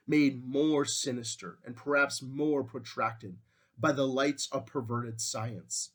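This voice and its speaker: A defiant wartime leader giving a big rousing speech, as a man reads it out in class. he talks in solemn, measured tones, in a mid-range voice. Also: medium pitch, close to an everyday voice.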